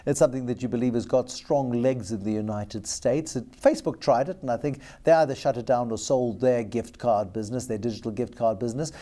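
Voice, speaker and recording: A man hosting a TV business interview, asking measured, probing questions. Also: medium pitch, dark tone.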